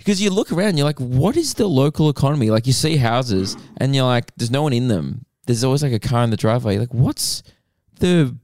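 A man's voice: medium pitch, expressive, brisk, a little mellow, no room sound, clean studio sound. A young Australian man co-hosting a podcast, musing and joking. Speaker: podcast co-host. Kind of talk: casual chat.

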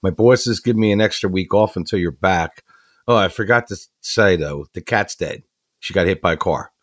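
A man's voice: low voice, moderate pace, no room sound, clean studio sound. A man playing a cheerful, oblivious husband in a joke he tells. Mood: breezy.

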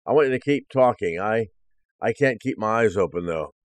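A man voicing a dying elderly father who speaks quietly and weakly, calm and at peace. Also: on the low side, no room sound, lightly acted. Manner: quiet, unhurried, weak.

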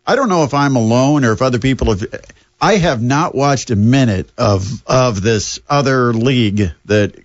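A man's voice: mid-range voice, moderate pace, dry recording, highs cut off. An older man hosting a sports radio show, chatting casually in a rambling, self-deprecating way.

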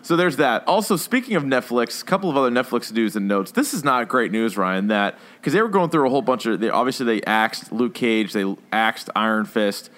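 A man hosting a casual pop-culture podcast, laughing easily and tossing in profane asides as he runs through the week's entertainment news. He talks at an ordinary everyday pitch in relaxed, easy chat. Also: a little fast, few pauses. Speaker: podcast co-host.

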